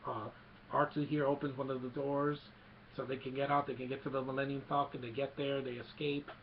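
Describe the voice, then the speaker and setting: A young man casually retelling a film as a fan, excited and rambling, with many fillers and restarts, on a muffled recording with a faint hum. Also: mid-range voice, fairly quick.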